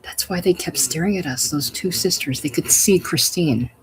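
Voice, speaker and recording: A storyteller voicing a grieving wife, urgent and elated, sometimes dropping to a breathy whisper. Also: mid-range voice, moderate pace, a little hiss or hum, lightly acted, low-quality recording.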